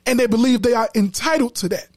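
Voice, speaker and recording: Man, podcast host, emphatic preacherly commentary, lively high voice, dry sound. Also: fast, no echo. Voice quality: emphatic, preacherly, repeats words. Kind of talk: casual commentary.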